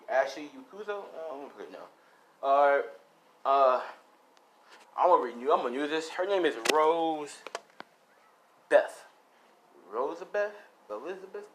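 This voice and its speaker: A man's voice: fairly high pitch, expressive, measured pace, long pauses, fairly bright tone, slight background noise, rough recording. Rambling man improvising a story. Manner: rambling, self-correcting, many fillers. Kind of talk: improvised fan-fiction narration.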